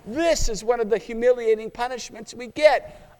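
A man's voice: very high-pitched, moderate pace, few pauses, darkish tone. A man preaching a sermon, telling a story dramatically and acting out its scenes. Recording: long hall reverb.

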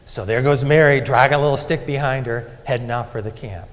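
A man's voice: medium pitch, a little fast, few pauses. Storytelling man in an echoing hall. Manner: dramatic storyteller, shifting between loud and hushed. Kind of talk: sermon storytelling. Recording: long hall reverb.

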